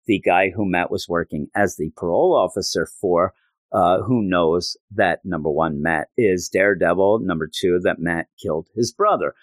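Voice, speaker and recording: A man hosts a podcast, walking through a comic book story in an earnest, rambling manner. His voice sits low. The recording is dry, with little room sound. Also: no room sound. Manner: earnest, rambling, many fillers. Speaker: podcast host.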